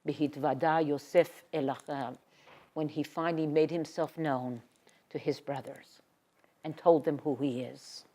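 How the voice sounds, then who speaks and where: A woman giving a Torah lecture. She reads Hebrew verses and then translates them, sinking to a hushed whisper on emotional words. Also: sits low, steady tone, a little slow. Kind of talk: expressive Bible lecture.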